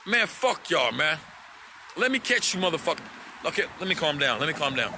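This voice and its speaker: A man's voice: a little high, a little fast, creaky, background noise. A man on a livestream, speaking to his viewers in an impassioned, profane rant and repeating himself for emphasis.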